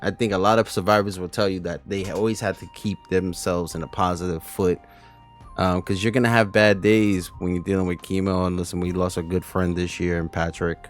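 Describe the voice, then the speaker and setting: Low-voiced man rambling on stream. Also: steady tone, a little fast, soft background music. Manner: loose, rambling, crude humor. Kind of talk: casual reaction stream.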